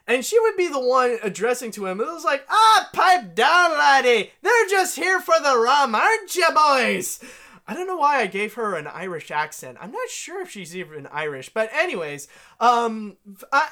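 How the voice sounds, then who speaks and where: Woman podcast host, lively swooping pitch, chatty animation news talk, gushing emphasis.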